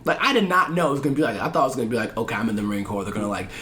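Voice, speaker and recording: A mid-range male voice rushes through a lively, swear-filled anecdote on a podcast, acting out the voices of those he quotes. A little hiss or hum sits under the recording.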